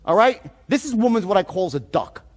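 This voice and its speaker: A man giving a seminar talk as a sales trainer, telling stories in an animated, profane way. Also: high-pitched, quick pace.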